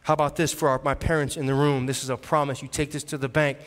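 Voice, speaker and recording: A man's voice: medium pitch, little pitch movement, fast talker. A male associate pastor preaching a sermon, building to repeated rising declarations before a church congregation. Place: large church sanctuary. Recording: long hall reverb from church.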